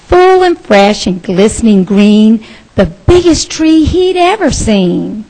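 A woman leads children's time in a church, reading a Christmas picture book aloud with gentle expression. She takes it slowly, her voice sitting a touch high and warm with storytelling lilt. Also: low-quality recording. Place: church sanctuary.

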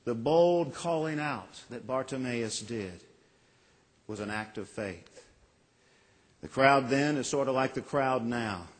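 A man preaching a sermon as a pastor, earnest with dramatic pauses and acted-out quotes. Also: mid-range voice, lively intonation, big-room sound.

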